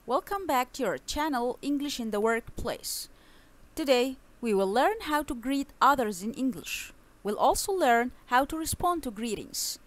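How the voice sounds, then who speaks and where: A young woman gives an English lesson in a slightly high voice, reading dialogues aloud slowly and clearly. She leans on rising intonation to show how the lines should sound. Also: big pitch swings. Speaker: English teacher.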